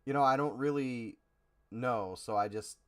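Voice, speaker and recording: A man's voice: medium pitch, unhurried, a bit bright, smooth. A man co-hosting a podcast, chatting casually with dramatic, exasperated asides. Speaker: podcast co-host. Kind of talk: casual chat.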